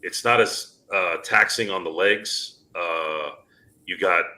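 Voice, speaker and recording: A man's voice: low-pitched, slow pace, sharp tone. A man in casual sports chat, emphatic and swearing now and then. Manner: emphatic, swears, gives advice.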